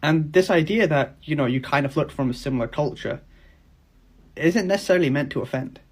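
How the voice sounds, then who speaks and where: A man's voice: a little high, brisk, breathy edge. A man, commenting on a video in a chatty, rambling way. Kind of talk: reaction commentary.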